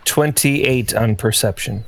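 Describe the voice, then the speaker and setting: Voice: medium pitch, slow, crowd noise. A player in a tabletop game, flustered and self-deprecating while reporting dice rolls.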